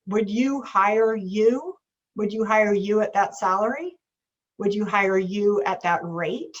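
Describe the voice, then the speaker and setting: A woman's voice: medium pitch, unhurried, lo-fi sound. A woman business coach giving a conversational talk on a video call, often checking in with "right?". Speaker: business strategist and leadership coach.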